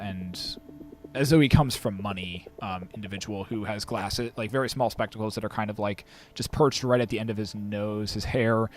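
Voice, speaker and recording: A man narrating as dungeon master for a tabletop game, full of hesitations and fillers. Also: fairly low pitch.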